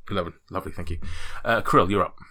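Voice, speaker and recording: A man running a tabletop game as game master, chatty and relaxed, with many ums and restarts. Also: sits low, fast.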